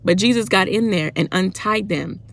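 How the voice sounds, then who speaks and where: A woman delivers an impassioned devotional vlog, loud and worked up, with constant rhetorical questions. Her mid-pitched voice carries a gravelly fry. The sound is close and dry, with little room echo. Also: normal speed. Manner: fervent, preachy and colloquial, with emphatic rhetorical questions. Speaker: faith vlogger.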